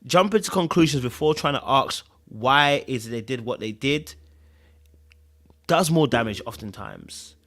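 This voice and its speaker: Male podcast host, mid pitch, emphatic and repetitive, keeps checking in with listeners as he talks through advice. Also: a little slow, fairly bright tone. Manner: emphatic, repeats key words, keeps checking in with "right?". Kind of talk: casual advice talk to live viewers.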